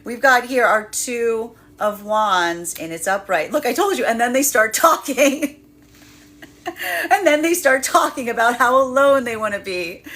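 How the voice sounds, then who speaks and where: A woman's voice: on the high side, animated, unhurried, a bit bright. A woman giving a tarot reading in a rambling way, repeating words and laughing often. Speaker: tarot reader. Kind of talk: live tarot reading monologue.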